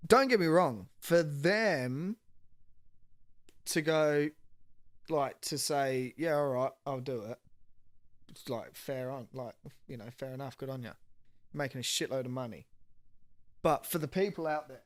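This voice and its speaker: A young man, co-hosting a casual podcast chat. He rants bluntly and swears a lot, in a mid-pitched voice. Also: measured pace, long pauses. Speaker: podcast co-host.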